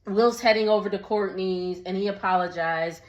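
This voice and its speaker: A woman's voice: mid-range voice, normal speed, roomy sound, dull audio. A woman casually recapping a reality show episode, laughing often and acting out the quotes. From Texas. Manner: laughs often, animated retelling with voiced quotes. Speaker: recap vlogger.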